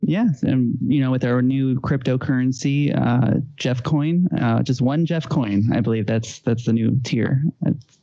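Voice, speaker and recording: A man's voice: medium pitch, a little slow, dark tone, no room sound. A man co-hosting a trivia podcast, keeping score and joking wryly. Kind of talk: casual chat on a trivia podcast. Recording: slightly dull, lo-fi sound.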